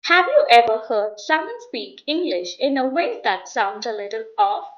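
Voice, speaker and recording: A woman teaching English pronunciation in a scripted lesson, modelling words clearly for the listener to repeat. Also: on the high side, sing-song, moderate pace, lo-fi sound, slight background noise.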